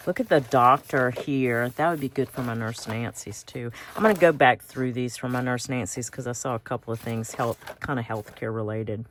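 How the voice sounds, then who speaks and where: A woman's voice: extremely low pitch, normal speed, few pauses, slight background noise. A woman hosting a craft video, chatting casually and thinking aloud as she cuts out pictures.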